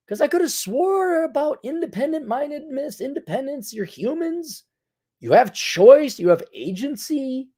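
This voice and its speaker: A man's voice: very high voice, big pitch swings, moderate pace, darkish tone. A man hosting a solo commentary monologue, lecturing in a sarcastic, mocking way. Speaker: commentary channel host.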